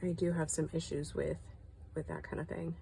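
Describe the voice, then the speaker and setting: Middle-aged woman vlogger, low voice, chatty and confiding while crafting. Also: flat delivery, normal speed, vocal fry, noisy background. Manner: chatty, indignant, confiding asides. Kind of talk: casual chat while doing a craft.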